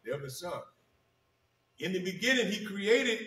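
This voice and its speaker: Man preaching, kinda high bright voice, keeps repeating stuff for emphasis, echoey church room, mic far off. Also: expressive. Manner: emphatic, repeats key phrases, slows down on scripture. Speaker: pastor. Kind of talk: sermon.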